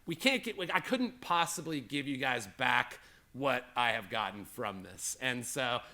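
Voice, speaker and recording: A man's voice: mid-range voice, animated, unhurried, bright, forceful tone. A man hosting a live tabletop game stream, talking in a rambling, heartfelt way full of fillers. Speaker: game master and show host. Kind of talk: livestream show introduction.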